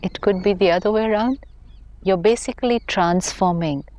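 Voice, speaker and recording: Indian woman, spiritual teacher, calm explanatory conversational delivery. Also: medium pitch, moderate pace. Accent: Indian English. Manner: patient, explanatory, gently emphatic.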